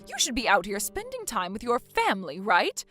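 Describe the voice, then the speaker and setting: A woman's voice: medium pitch, huge pitch swings, normal speed, pushed and bright, soft background music, exaggerated voice. A woman playing a bossy, scornful older mother-in-law who nags and orders people around. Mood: scolding. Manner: nagging, domineering.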